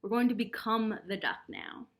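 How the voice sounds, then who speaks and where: A woman leading a children's yoga storytime, speaking gently and encouragingly and making animal sounds. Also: a little high, huge pitch swings, moderate pace, creaky, distant mic, noisy background. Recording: echoey room.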